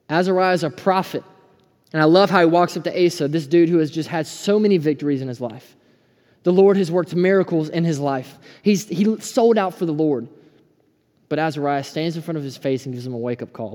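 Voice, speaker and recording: A man in his thirties preaching a sermon as pastor, earnest and urgent, dropping to a hush and then rising fired-up. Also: fairly high pitch, a little fast. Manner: earnest, swings between hushed and fired-up. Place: church sanctuary. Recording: preaching in a hall with long reverb.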